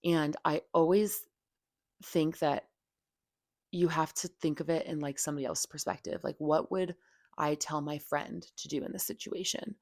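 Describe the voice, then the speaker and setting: A young adult woman hosts a podcast, delivering a candid opinion monologue in a blunt, frank manner, packed with "like" and casual swearing. Her voice is low, steady and a little mellow at a normal speed. The recording is dry with clean studio sound.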